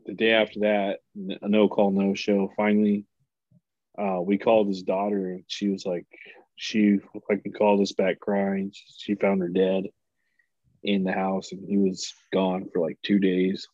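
A man's voice: deep voice, measured pace, no room sound, lo-fi sound. A man telling stories from an old retail job on a podcast, acting out the people in them and swearing freely. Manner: animated storyteller, acts out voices, swears freely. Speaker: guest telling work stories. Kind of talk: casual podcast storytelling.

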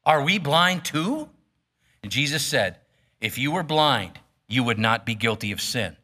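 A man's voice: mid-range voice, expressive, unhurried, pushed and bright. A man preaching a sermon, reading scripture aloud and then explaining it in a plain, casual way with frequent fillers. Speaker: pastor.

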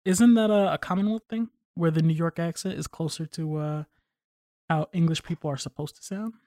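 A man's voice: fairly high pitch, a little fast, mellow, no room sound, clean studio sound. A man chatting casually on a podcast, opinionated and rambling, with frequent swearing. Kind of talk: casual chat.

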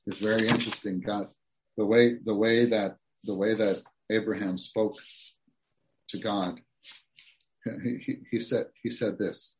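A man's voice: fairly low pitch, steady tone, unhurried, a little mellow, slight background noise. A man preaching a sermon, reading outline points aloud and then expounding earnestly to the congregation.

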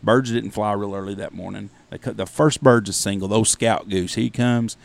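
A man hosting a podcast, telling a long hunting anecdote in a profane, animated, casual way. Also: fairly low pitch, normal speed, vocal fry. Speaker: podcast host. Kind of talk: casual storytelling.

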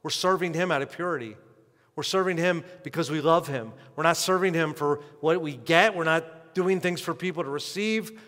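A man's voice: on the high side, moderate pace. Man preaching in a reverberant hall. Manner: impassioned preaching with sharp swings in loudness and pace. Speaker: pastor. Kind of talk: sermon.

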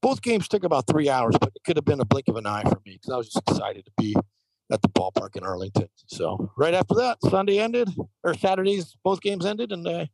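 A man who works as a professional baseball umpire, telling lively stories in a casual interview with many fillers. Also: fairly high pitch, brisk, creaky, no room sound, poor audio. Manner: animated anecdotal telling, frequent fillers.

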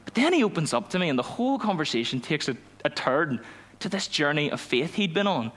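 A young man, a youth pastor telling a personal story in a sermon, animated and self-mocking, acting out the dialogue. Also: on the high side, fairly quick. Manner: animated storytelling, laughs at himself, acts out dialogue.

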